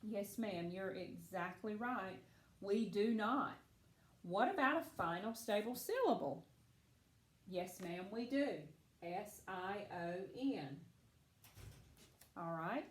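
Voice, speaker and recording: A woman's voice: fairly high pitch, roomy sound. A woman teaching a phonics lesson to children, patiently and encouragingly. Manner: slow, patient, encouraging, answers for absent pupils.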